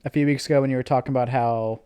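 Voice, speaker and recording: A man's voice: medium pitch, fairly even intonation, rapid-fire, dark tone, clear, resonant tone, no echo. A young man co-hosting a podcast in casual chat, easygoing and agreeable. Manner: easygoing, agreeable, laughs along. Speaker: podcast co-host.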